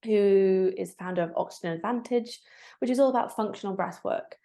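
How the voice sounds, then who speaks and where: A woman's voice: medium pitch, a little fast. A woman, a breathwork facilitator, candidly telling her personal story in a podcast interview and bringing quoted moments to life. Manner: candid, reflective, with animated quoted asides.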